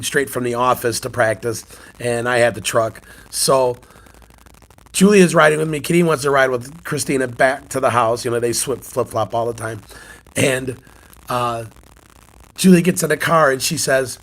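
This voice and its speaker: This medium-pitched, fairly bright male voice belongs to a channel host in his forties who collects sports cards and coaches youth. He's running a casual morning chat, telling a family story as a chatty narrator who laughs often and keeps coughing.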